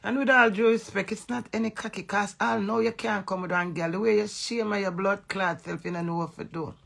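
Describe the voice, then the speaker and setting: Jamaican woman, middle-aged, angry profane rant to camera, gravelly, sharp tone. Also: mid-range voice, steady tone, a little fast. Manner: heated, profane, confrontational. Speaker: social media personality.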